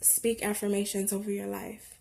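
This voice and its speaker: A woman's voice: medium pitch, little pitch movement, normal speed, vocal fry, dark tone. A woman giving an encouraging tarot reading to her viewers, repeating phrases and affirmations. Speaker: tarot reader.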